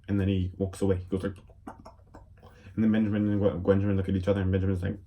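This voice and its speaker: A man's voice: low voice, fast, long pauses. Goofy rambling young man recapping. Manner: rambling, goofy, deadpan asides and sudden shouts. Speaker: comedic recapper. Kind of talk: silly comedic episode summary with quick voice impressions.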